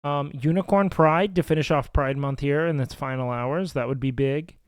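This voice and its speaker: A man casually chatting on stream, his voice a touch higher than most men's. He rambles and swears through animated stories. The sound is dry and close, with no room echo. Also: normal speed, clean tone. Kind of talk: casual storytelling chat.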